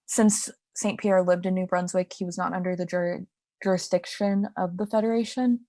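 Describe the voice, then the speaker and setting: A woman's voice: on the low side, steady tone, normal speed, dark tone, dry recording, studio quality. Chatty woman telling a true-crime story. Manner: chatty, explains with asides and restarts. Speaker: podcast co-host. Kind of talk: casual storytelling chat.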